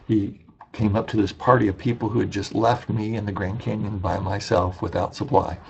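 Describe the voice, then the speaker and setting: A man's voice: on the low side, steady tone, normal speed, vocal fry, darkish tone, husky, dull audio. A man lecturing for an online business course, telling a personal story in a conversational way and acting out the dialogue. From Indiana, USA. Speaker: business ethics instructor.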